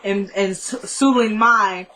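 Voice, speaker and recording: A woman talks through a TV episode she just watched, retelling each scene by quoting the characters in a quick "he goes, she goes" rhythm. She is chatty and informal, and she breaks off now and then to talk straight to her viewers. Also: mid-range voice, fairly even intonation, sharp tone, low-quality recording. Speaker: TV episode recapper. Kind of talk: casual episode recap.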